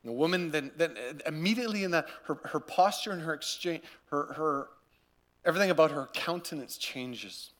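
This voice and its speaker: A man preaching a sermon, earnest and repetitive, swinging between loud urging and quiet gravity. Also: a little high, moderate pace. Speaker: pastor.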